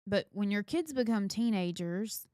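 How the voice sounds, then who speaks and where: A woman's voice: medium pitch, lively intonation, measured pace, warm tone, clear, resonant tone, dry recording, clean studio sound. A woman, earnestly giving parenting advice on a casual podcast. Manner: earnest, advice-giving, speaks directly to listeners. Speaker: podcast co-host.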